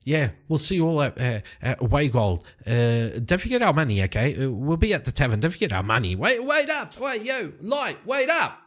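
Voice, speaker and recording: A man voicing an eager, jumpy adventurer who calls out in a high, quick voice in a solo tabletop game. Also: sing-song, close to an everyday voice.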